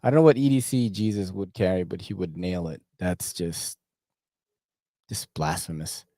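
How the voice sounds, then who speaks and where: A man's voice: low voice, normal speed, dry recording, clean studio sound. Slangy male livestream host. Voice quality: slangy, laughing, animated. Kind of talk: casual livestream chat.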